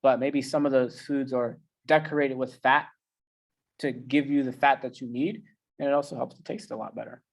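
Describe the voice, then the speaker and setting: A man who coaches gives a casual presentation in a medium-pitched, steady, creaky voice at a moderate pace. He keeps it conversational, using slangy everyday speech and plenty of fillers.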